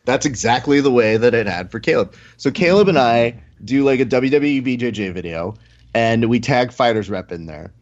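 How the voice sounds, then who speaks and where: A man's voice: mid-range voice, moderate pace, highs cut off. A man hosting a podcast in casual chat, telling stories and acting out the quotes. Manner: animated storyteller, acts out quotes. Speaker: podcast host.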